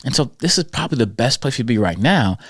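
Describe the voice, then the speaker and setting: A man hosting a podcast, telling stories about school kids in an animated, conversational way that slips into quoted voices. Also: medium pitch, fast, husky, dry recording, studio quality. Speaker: podcast host and school character-education speaker. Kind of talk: conversational storytelling.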